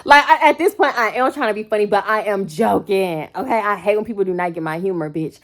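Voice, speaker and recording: A young woman in her twenties tells a story casually to a phone camera at home, full of slang and squealing up into quoted voices. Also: brisk. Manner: animated, slangy, jumps into quoted voices with sudden high squeals. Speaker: storytime vlogger. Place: bedroom at home. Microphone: phone held close.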